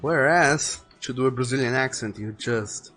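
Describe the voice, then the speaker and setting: A man's voice: medium pitch, normal speed, fairly bright tone. A man chatting casually while drawing on a live stream, rambling and thinking aloud, often repeating words as he goes. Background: faint music playing.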